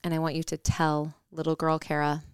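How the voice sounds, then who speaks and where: A woman's voice: sits low, completely flat delivery, a little fast, clean tone, no room sound, clean studio sound. A woman in her thirties earnestly telling a personal story on a podcast, reflective, with fillers and restarts. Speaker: podcast co-host.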